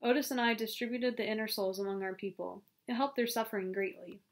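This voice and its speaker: A woman's voice: mid-range voice, fairly even intonation, fast, close to an everyday voice. A woman reading the lines of a worn, devout older woman with solemn earnestness. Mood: earnest.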